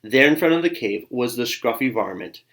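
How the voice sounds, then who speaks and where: A man reading a children's picture book aloud, with a lively sing-song delivery and soft hushed asides. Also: medium pitch, moderate pace. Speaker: storybook reader. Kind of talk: children's story read-aloud.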